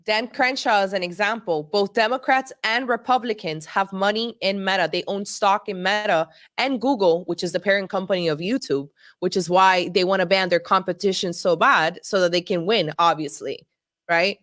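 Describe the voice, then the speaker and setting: A woman's voice: medium pitch, moderate pace, fairly bright tone. A woman with an accent co-hosting a political podcast, talking emphatically and repeating her points. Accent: non-native English. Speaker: podcast co-host.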